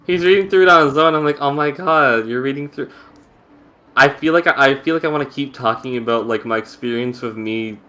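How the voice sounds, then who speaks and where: A young adult streamer chatting casually with friends, telling a long story full of "like" and acted-out quotes. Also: male voice, medium pitch, fairly quick, sharp tone. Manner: rambling, full of "like", acts out quotes.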